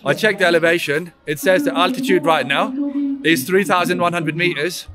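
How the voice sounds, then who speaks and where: A man's voice: a little high, fairly even intonation, a little fast. A man chatting enthusiastically as a travel vlogger outdoors at a mountain scenic area. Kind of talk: casual travel vlog.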